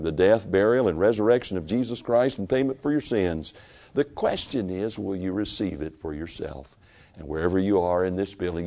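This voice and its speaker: Man, pastor, gravelly voice, lowish pitch, impassioned sermon, hushed pleading to loud exhortation, church sanctuary. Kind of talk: sermon with altar call.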